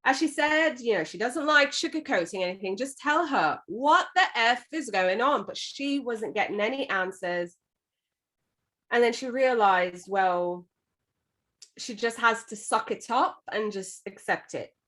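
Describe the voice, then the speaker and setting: A woman's voice: fairly high pitch, lively intonation, measured pace, sharp tone. A woman co-hosting a podcast, retelling a book at length in a casual, conversational way with frequent "you know"s. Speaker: podcast co-host.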